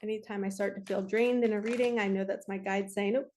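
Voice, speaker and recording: A woman's voice: mid-range voice, fairly even intonation, a little fast, a little mellow, slight background noise. A woman, earnestly giving a casual spiritual card reading. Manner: earnest, emotional, spiritual-coaching talk. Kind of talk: casual tarot-style energy reading.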